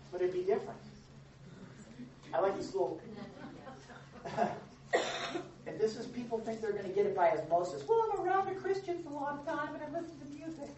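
A woman's voice: on the high side, a little mellow, heavy reverb, distant mic, muffled recording. A woman pastor preaching a sermon in a conversational way, asking her congregation questions.

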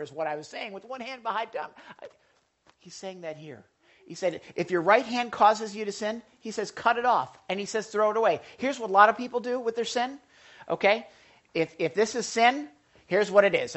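Male preacher, casual sermon, animated, jokey, loud-to-quiet swings. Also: high-pitched, normal speed.

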